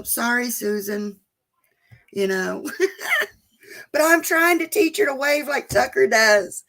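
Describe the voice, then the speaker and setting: A woman's voice: medium pitch, vocal fry, fairly bright tone. A woman, chatting casually and emotionally with viewers during a live stream. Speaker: vlogger hosting a live chat.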